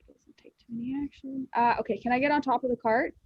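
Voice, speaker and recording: A woman's voice: high-pitched, steady tone, fast talker, husky, dry recording, lo-fi sound. A woman playing in a tabletop game, hesitantly asking rules questions. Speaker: player. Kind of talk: casual tabletop play.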